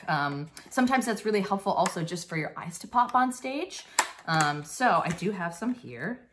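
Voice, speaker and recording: A woman's voice: deep voice, fairly bright tone, a little hiss or hum. A young woman giving a casual, playful stage makeup lesson for kids, chatty with many fillers and silly sound effects. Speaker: makeup tutorial teacher.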